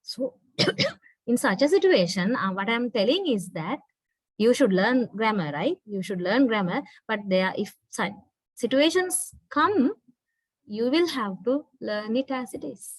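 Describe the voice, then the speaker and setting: A woman's voice: on the high side, animated, unhurried, husky, no room sound, low-quality recording. Woman lecturer with a Sri Lankan accent. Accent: Sri Lankan English. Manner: patient, explanatory, keeps checking with "right?". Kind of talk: online university lecture.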